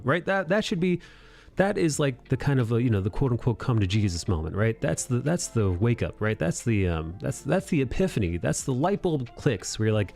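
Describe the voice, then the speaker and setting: A man's voice: mid-range voice, sing-song, a little fast, vocal fry, a little mellow, soft background music. A man hosting a live art stream, ranting casually, swearing freely and acting out mocking quotes. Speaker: livestream host drawing and chatting.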